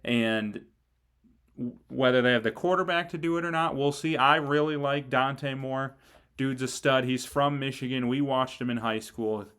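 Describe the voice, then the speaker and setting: A man co-hosts a casual sports talk show, with a smooth, clear voice at a medium pitch. He talks in a relaxed, conversational way and uses "like" often. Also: normal speed. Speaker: sports podcast co-host.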